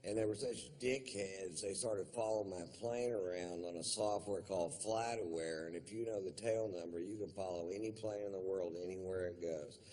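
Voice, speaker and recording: A male stand-up comedian telling stories in a dry, deadpan way with crude punchlines. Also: low voice, moderate pace, few pauses.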